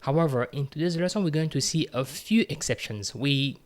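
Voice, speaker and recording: A man's voice: on the high side, fairly quick. Patient man teaching a grammar lesson. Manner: patient, explains step by step with fillers and repeats. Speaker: French teacher.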